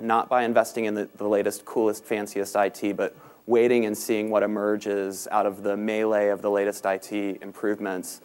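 A man with a Southern US accent giving a conference talk on business topics. He speaks quickly with many "um"s and pokes fun at himself. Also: on the low side, darkish tone, clean tone. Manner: self-deprecating, quick, many ums. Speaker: panel speaker. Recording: talk recorded in a meeting room.

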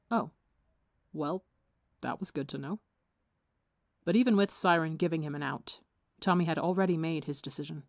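A woman reading a story aloud in an even, measured narration. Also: deep voice, no room sound, clean studio sound. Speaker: podcast reader.

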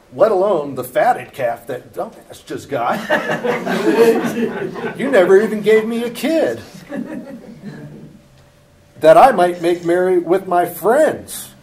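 A man's voice: on the high side, voice pushed up, full character voice. A man voicing an indignant, resentful older brother who complains in a mocking way.

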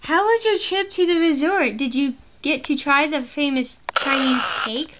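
A woman's voice: high voice, normal speed, noisy background, close to an everyday voice. A woman voicing a friendly female villager from a handheld game in a sing-song, gushing way. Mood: chirpy. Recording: muffled lo-fi recording.

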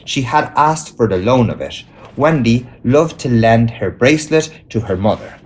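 A man reading a storybook aloud in an expressive storytelling manner. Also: mid-range voice, moderate pace. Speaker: audiobook reader. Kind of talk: read-aloud storybook narration.

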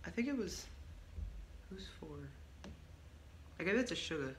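A woman's voice: medium pitch, very animated, a little slow. A woman casually talking through a song she wrote, rambling with lots of ums and stopping to correct herself. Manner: rambling, loose, with many ums and self-corrections. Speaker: songwriter presenting her song. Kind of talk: casual vlog chat. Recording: roomy echo, faint background hiss.

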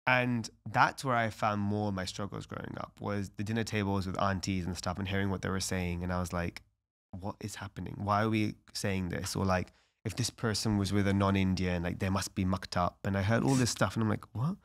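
A man's voice: deep voice, steady tone, fairly quick, smooth. A young adult man, a podcast guest talking earnestly and reflectively in casual conversation, with lots of "like" fillers.

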